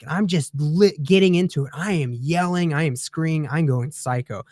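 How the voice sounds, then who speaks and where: A man telling a story in a casual chat show, animated and heated, laughing as he goes. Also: a little high, brisk, hardly any pauses, dry recording, clean studio sound. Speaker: guest on a talk show.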